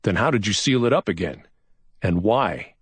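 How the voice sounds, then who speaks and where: A man's voice: lowish voice, animated, moderate pace, husky, no echo, clean studio sound, pitched above the performer's own voice. A man voicing a male investigator in an audiobook crime story, pressing with patient but insistent questions. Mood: probing. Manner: probing, gently insistent questions. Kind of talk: audiobook character voice.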